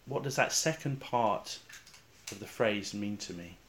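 Calm reflective male preacher. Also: on the low side, a little hiss or hum. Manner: calm and reflective, with slow pauses, dropping soft on repeated verses. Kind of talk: sermon leading a guided scripture meditation.

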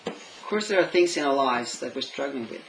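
A man's voice: mid-range voice, animated, fairly quick, creaky, a little hiss or hum, poor audio. A man preaching a sermon in English, which is not his first language, thoughtful and stopping to search for words. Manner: thoughtful, searching for words, asks questions aloud.

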